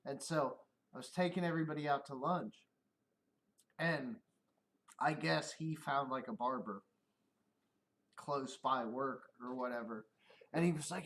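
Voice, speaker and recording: A man's voice: a little high, normal speed, pauses often, fairly bright tone. A middle-aged man on a casual livestream, rambling and swearing, often laughing at his own stories. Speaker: streamer.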